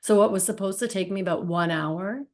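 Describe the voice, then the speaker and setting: A woman's voice: medium pitch, a little fast. A woman in her thirties, a podcast guest, telling a story in a chatty, rambling way with many likes and ums. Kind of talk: casual storytelling.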